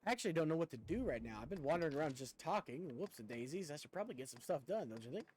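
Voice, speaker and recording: Young male streamer, slight rural twang, lively pitch, rambling casual talk. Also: very fast, a little hiss or hum, poor audio. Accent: rural American Southern twang. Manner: rambling, talkative, casual swearing. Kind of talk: casual chat with viewers while gaming.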